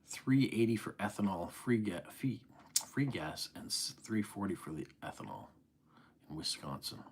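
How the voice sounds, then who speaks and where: A middle-aged man with an East Coast Canadian accent hosts a live stream. His voice sits a little low, and he is friendly and chatty as he reads viewer comments aloud and answers them. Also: big pitch swings, moderate pace, slight background noise. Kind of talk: casual live-stream chat reading comments.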